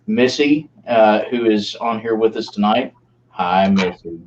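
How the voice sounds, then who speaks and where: A man on a paranormal team, describing their work in a casual, halting way with many fillers. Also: lowish voice, darkish tone, slight background noise. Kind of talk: casual live-stream chat. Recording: dull lo-fi call audio.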